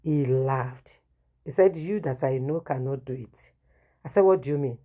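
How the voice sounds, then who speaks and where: A woman's voice: very deep voice, moderate pace, mellow. A middle-aged woman giving a testimony sermon, telling her story and acting out the dialogue with strong emotion. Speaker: preacher.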